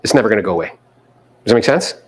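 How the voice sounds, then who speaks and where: A man coaching a live audience in a meeting room, animated and casual, sometimes coarse, often acting out other people's voices. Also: lowish voice, rapid-fire, husky. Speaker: real estate coach. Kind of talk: live seminar talk to an audience.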